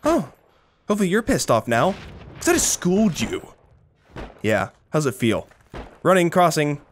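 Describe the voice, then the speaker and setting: Young male gameplay commentator, sarcastic, foul-mouthed, lively pitch that jumps high under stress; faint game noise behind. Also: normal speed. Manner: sarcastic, swears, bursts into high-pitched panic. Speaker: gaming commentator.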